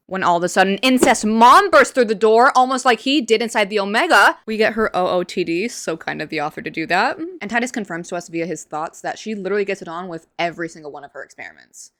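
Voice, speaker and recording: A young woman host giving sarcastic, comedic commentary with deadpan asides. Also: mid-range voice, fast talker, hardly any pauses, no echo, studio quality.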